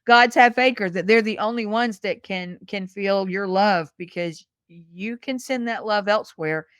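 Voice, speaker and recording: A woman in her fifties representing the massage industry speaks with a clear, resonant, medium-pitched voice at a measured pace. As a podcast guest in casual conversation, she's earnest and folksy, calling people honey; the recording is dry and studio quality.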